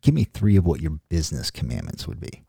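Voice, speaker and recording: A man's voice: very deep voice, wildly swooping pitch, quick pace, vocal fry, warm tone, husky, no room sound, clean studio sound. A middle-aged man from the Ozarks with a Southern accent, co-hosting a podcast in a folksy, joking way. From Ozark region, US. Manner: folksy, joking, restarts often. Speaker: podcast co-host. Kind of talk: casual podcast chat.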